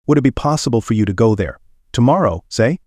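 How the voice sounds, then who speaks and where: A fussy, exacting male detective, probing with intent questions and muttering as he thinks, read by a man. The voice sits at a middling pitch. It is close and dry. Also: lively intonation, fast, darkish tone, dry recording, close to an everyday voice.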